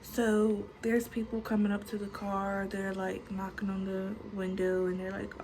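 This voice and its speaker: Over a noisy background, a woman in her twenties tells her vlog audience a personal story in a casual, chatty way. Her mid-range voice is monotone, moving at a moderate pace with few pauses, and she swears freely and uses "like" as a frequent filler.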